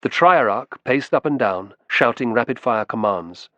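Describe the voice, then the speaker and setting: Expressive male audiobook narrator. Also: mid-range voice, a little slow, dry recording, highs cut off. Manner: expressive storytelling. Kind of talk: scripted narration.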